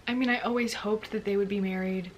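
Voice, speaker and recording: A woman talking through a book as she reads it, excitable and exclamatory, with a mid-range voice. She slips into a hushed tone for the passages she reads out. A faint hiss sits under the recording. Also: medium pitch, fast. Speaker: book vlogger. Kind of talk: excited book reading reaction.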